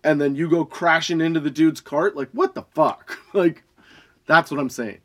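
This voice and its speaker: A young adult man, high and laughing often, reading odd facts and ranting with a lot of swearing. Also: moderate pace. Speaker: podcast host. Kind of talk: casual stoned rant.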